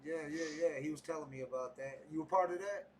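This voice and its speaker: A man hosting a casual podcast chat, laid-back and slangy, often speaking quietly. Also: on the high side, quick pace, reverberant, a crowd in the background. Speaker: podcast host.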